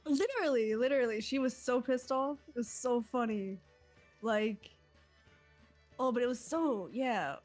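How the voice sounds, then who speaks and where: A woman's voice: on the high side, measured pace, darkish tone, faint music behind. A young woman playing in a tabletop game, chatting casually, laughing often and swearing freely. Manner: giggly, rambling, swears freely. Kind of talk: casual streamed game chat.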